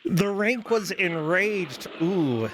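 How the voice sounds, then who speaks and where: A man's voice: high voice, lively intonation, very slow, a bit bright, slight background noise. Chatty man commentating a game race. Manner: chatty, laughs easily, joking. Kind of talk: casual live game commentary.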